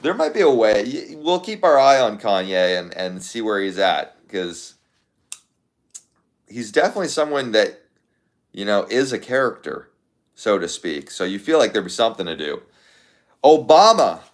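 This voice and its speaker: A man's voice: fairly low pitch, expressive, moderate pace, pauses often. A young man casually chatting to his viewers, thinking aloud in a rambling way with lots of fillers. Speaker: content creator.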